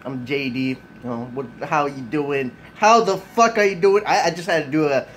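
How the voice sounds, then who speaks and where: A man with a notably high voice talks rambling and unpolished into a camera mic off to the side in his room at home. He swears casually, drifts off on tangents and pads his speech with "like" and "you know". A faint background hum sits under his voice. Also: moderate pace, a bit bright, rough recording. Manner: rambling, loose and profane, full of "like" and "you know"; self-mocking and easily sidetracked. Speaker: vlogger. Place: at home at his desk, just woken up.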